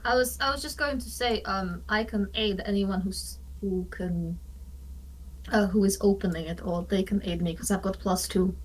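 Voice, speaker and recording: A woman's voice: medium pitch, moderate pace, poor audio. A woman playing a tabletop role-playing game in casual, eager chat. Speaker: player.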